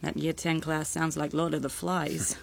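A woman's voice: sits low, normal speed, gravelly. An actress playing a chatty British wife in a TV drama, often laughing as she speaks. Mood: playful. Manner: lively, laughing. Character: woman, wife, chatty and teasing. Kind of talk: TV drama acting.

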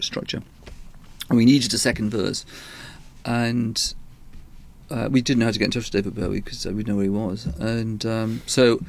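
A man's voice: medium pitch, gravelly. A man casually telling a studio story, rambling and correcting himself as he goes, with a chuckle now and then. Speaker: musician telling a studio anecdote. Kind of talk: casual anecdote.

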